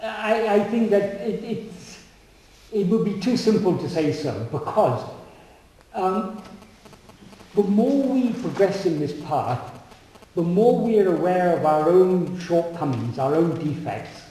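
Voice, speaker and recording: Ein Mann mit leicht hoher, weicher Stimme beantwortet in einem Versammlungsraum Fragen aus dem Publikum. Er spricht stockend und wiederholt Wörter, während er nachdenkt. Er steht weit vom Mikrofon entfernt, und der Raum hallt lang nach. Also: male voice, sits high, expressive, warm tone. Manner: halting, repeats words while thinking. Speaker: speaker on spiritual teachings. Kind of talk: answering audience questions. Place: meeting room. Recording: echoey hall, far from the mic.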